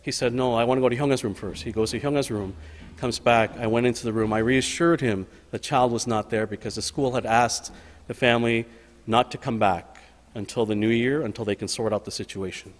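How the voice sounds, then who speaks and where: A male pastor speaks in an earnest, personal way, repeating phrases for emphasis. His voice sits at an ordinary middle pitch. It carries a long reverb from a church sanctuary. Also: steady tone, brisk. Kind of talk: sermon.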